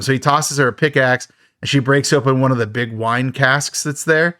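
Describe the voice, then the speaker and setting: A man's voice: medium pitch, steady tone, normal speed, a bit bright, no room sound. Dry-voiced man recapping a film. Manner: rambling, filler-heavy, laughs at the film. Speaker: podcast host.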